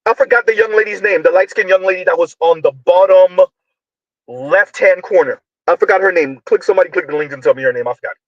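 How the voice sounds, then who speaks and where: High-voiced man shouting heated commentary. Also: fast, no room sound, lo-fi sound. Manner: loud, emphatic, often shouting; slangy, repetitive, rhetorical questions. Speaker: online commentator.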